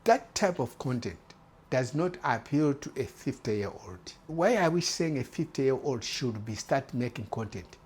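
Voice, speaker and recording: Husky-voiced man urging older viewers on. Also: mid-range voice, animated, a little slow, a little mellow. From former British colony. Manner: earnest, exhortative, repeats phrases. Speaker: channel host. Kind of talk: direct-to-camera talk.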